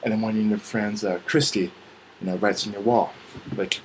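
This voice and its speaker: A man's voice: lowish voice, normal speed, a little hiss or hum, low-quality recording. A young man ranting casually and comically, with lots of swearing, acting out bits of dialogue as he goes. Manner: profane, animated, acts out quoted dialogue. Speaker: vlogger. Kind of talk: casual comedic rant.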